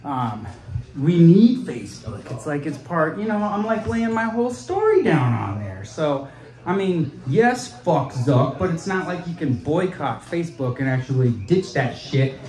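A man doing rambling open-mic stand-up in a small venue, recorded on a handheld mic. His voice sits high and swings widely in pitch while the delivery stays slow. The room adds noticeable echo. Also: big pitch swings, darkish tone. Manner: loose, meandering, swears a lot. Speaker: stand-up comedian. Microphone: handheld stage microphone.

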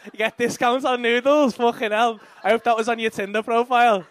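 A man's voice: extremely high pitch, steady tone, brisk, a little hiss or hum. A young man with a Liverpool accent doing brash, sweary crowd work as a stand-up comedian on a club stage. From England.

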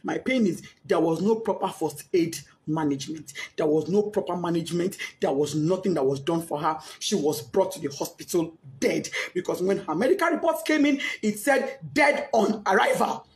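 A middle-aged woman with a Nigerian accent, a bereaved mother giving impassioned, grief-stricken testimony that swings between shouting and hushed speech, often crying. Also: fairly low pitch, normal speed, few pauses. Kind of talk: emotional spoken testimony. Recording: echoey room.

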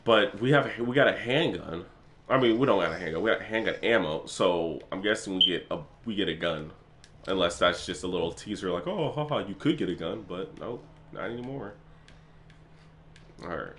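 A man giving excitable let's play commentary for his gaming channel, swearing freely as he plays. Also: low voice, moderate pace, slight background noise.

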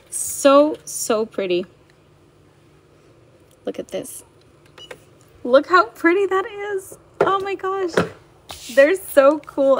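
A woman's voice: high voice, background noise. A young woman chatting casually on a livestream as she fills orders, bubbly and chatty, reading viewer comments aloud. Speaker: livestream seller.

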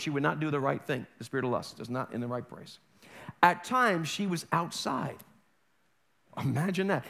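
A male pastor preaching a sermon in an animated way, acting out voices with humor. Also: sits high.

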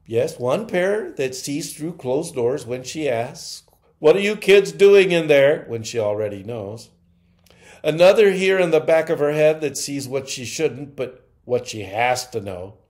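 A man voicing God as a tireless, proud and gentle creator while reading a story aloud, in an earnest, measured way. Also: a little high, animated. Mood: tender.

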